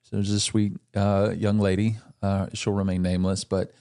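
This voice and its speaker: Man, podcast co-host, animated storyteller, acts out voices, laughs a lot. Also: fairly low pitch, normal speed, clear, resonant tone. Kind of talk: casual storytelling chat.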